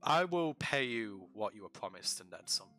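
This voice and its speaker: A man voicing a stern town governor who speaks in a measured, firm way. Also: fairly low pitch, sing-song, pushed and bright, faint music behind, full character voice. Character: stern middle-aged male town governor.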